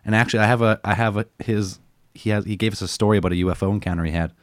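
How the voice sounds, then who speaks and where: A man's voice: fairly low pitch, steady tone, rapid-fire, no echo. A man co-hosting a podcast, easygoing as he introduces a segment. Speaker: podcast co-host. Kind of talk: casual chat.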